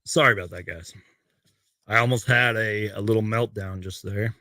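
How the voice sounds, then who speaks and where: A young man hosting a post-game fan rant from his bedroom, emotional and halting, choked up as he reads tweets aloud to a webcam. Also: on the low side, pushed and bright, dry recording. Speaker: host. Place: bedroom at home.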